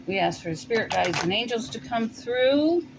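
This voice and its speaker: A woman's voice: on the high side, animated, moderate pace, vocal fry, noisy background. A woman with a New York accent giving a casual tarot reading, thinking aloud with plenty of fillers. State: warm and winded after shoveling. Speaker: tarot reader. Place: home in Colorado.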